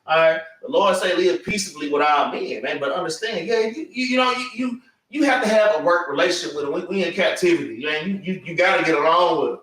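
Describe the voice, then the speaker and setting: A man preaches in a loose, animated classroom manner. His voice sits a little high and rings bright and forceful. The mic is set far off in an echoey room. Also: fast. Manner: animated, street-casual, keeps saying "man". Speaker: class teacher.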